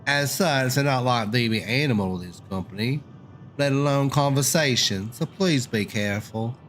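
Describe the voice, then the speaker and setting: A man's voice: medium pitch, normal speed, fairly bright tone, soft background music, lightly acted. A man voicing a formal young male scholar ally, reading game dialogue aloud with archaic, formal phrasing. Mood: cautious.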